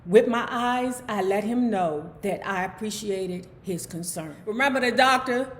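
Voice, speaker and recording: A woman with a Southern US accent hosting a book club, reading a memoir aloud and breaking into loud, animated, casual commentary. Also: medium pitch, measured pace. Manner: switches between soft reading and loud animated asides.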